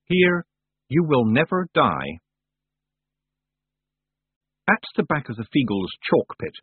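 A man narrating a humorous fantasy novel in a wry, expressive storytelling manner. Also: mid-range voice, husky, dry recording. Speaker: audiobook narrator. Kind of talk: audiobook narration. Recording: dry, tinny phone-like sound.

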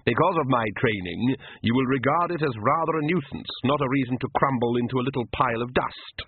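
A man's voice: medium pitch, brisk, a little hiss or hum, lightly acted. A man doing a pompous vampire count. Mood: condescending. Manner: patient, condescending. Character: pompous old vampire count, heavily patient. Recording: tinny lo-fi radio broadcast.

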